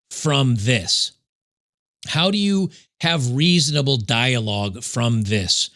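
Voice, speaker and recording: A man's voice: mid-range voice, vocal fry, a bit bright. A man hosting a reaction commentary show, talking in a sarcastic, mocking way. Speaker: commentary host.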